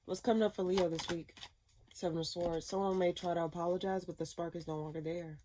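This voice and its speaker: A woman's voice: fairly low pitch, steady tone, brisk, dark tone, a little hiss or hum. A woman doing a casual tarot reading, blunt and profane, given to ranting. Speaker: tarot reader.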